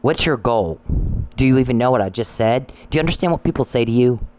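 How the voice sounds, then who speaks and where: A man's voice: mid-range voice, expressive, fast, a little mellow, slight background noise, poor audio. A man delivering an angry, profane monologue that scolds people he addresses. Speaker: commentary channel host.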